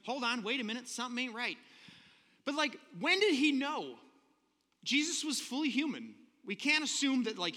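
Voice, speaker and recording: A lively, high-voiced man preaches, his pitch leaping around as he tells the story with jokes and quick character voices. His tone is bright and sharp, and a long hall reverb trails after each phrase. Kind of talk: sermon.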